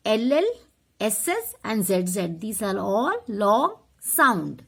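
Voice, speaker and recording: A woman teaching a phonics lesson to young children, slowly sounding out letters and words one at a time. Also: mid-range voice, big pitch swings, creaky, fairly bright tone, husky. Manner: slow, sounding out letters one by one, sing-song.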